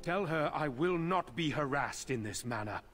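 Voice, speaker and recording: A man's voice: a little high, lively intonation, normal speed, a bit bright, soft background music. A stiff, clipped voice, as a self-important mage in a fantasy game who has no patience for anyone. He speaks down to others and cuts each reply short. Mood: irritated. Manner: curt, condescending. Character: haughty, grumpy male mage. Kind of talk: video game voice acting.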